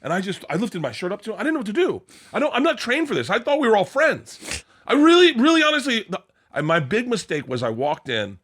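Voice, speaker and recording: Animated, profane male storyteller. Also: high-pitched, fast. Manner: animated, profane, rambling anecdote with many restarts. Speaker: podcast co-host. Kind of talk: casual comedic storytelling.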